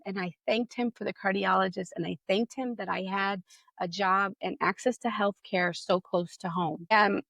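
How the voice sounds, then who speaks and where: Woman, gravelly edge, dry close sound, earnest emotional testimony, interview guest. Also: mid-range voice, a bit bright, dry recording. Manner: earnest, emotional storytelling with quoted dialogue. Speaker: guest, mother and advocate.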